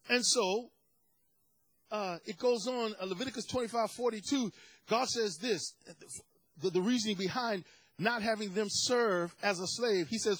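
A man preaching a sermon, swinging from quiet storytelling to fervent shouted passages. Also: high voice, normal speed, breathy edge, no room sound, rough recording.

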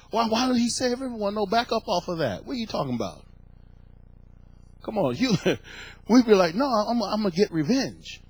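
A middle-aged male pastor delivers a sermon that builds into fervent shouting, repeating phrases for emphasis. His voice is a little high and slightly rough, captured on a low-quality recording.

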